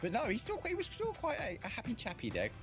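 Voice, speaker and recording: A man on a live esports panel, telling stories in a lively, jokey way. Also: very high voice, quick pace, music in the background.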